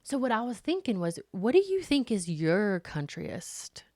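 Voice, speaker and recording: A woman in her thirties from Alabama, speaking with a Southern accent and chatting casually as podcast co-host, animated and quick to laugh. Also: mid-range voice, no room sound, studio quality. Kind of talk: casual chat.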